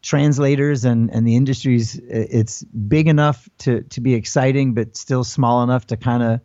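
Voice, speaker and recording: American man with a dark, muffled voice. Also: mid-range voice, steady tone, moderate pace, no room sound. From United States. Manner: rambling, full of restarts and fillers. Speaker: guest. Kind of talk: casual interview talk.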